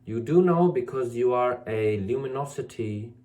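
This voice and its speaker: A man's voice: expressive, moderate pace, warm tone. A man speaking as a spiritual teacher in an emphatic, scolding monologue, repeating his points and mocking excuses in a whiny voice. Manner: mocks others in a whiny high voice. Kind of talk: preachy monologue to camera.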